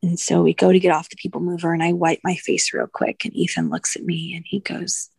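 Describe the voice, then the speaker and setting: Husky, gravelly woman telling a painful story. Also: fairly low pitch, level tone, a little mellow, no echo. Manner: emotional, halting, restarts. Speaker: podcast guest, doula. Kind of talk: candid personal storytelling.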